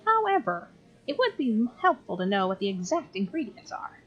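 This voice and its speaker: A woman's voice: a little high, big pitch swings, normal speed, lo-fi sound, voice pushed up. A woman voicing a nerdy teenage boy who speaks in formal, scientific terms.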